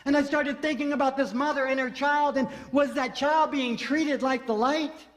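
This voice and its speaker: A man's voice: extremely high pitch, fairly even intonation, normal speed. A man preaching a sermon as pastor, telling a story and repeating phrases for emphasis. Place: church sanctuary. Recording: long hall reverb.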